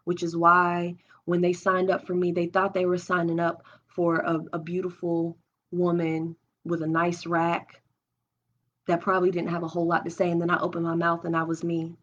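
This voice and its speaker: Woman, young adult, live stream host, open emotional talk, processes aloud, lower voice, muffled lo-fi sound. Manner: open, emotional, talks things through aloud with restarts. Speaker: livestream host. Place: at home. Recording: dull lo-fi stream audio.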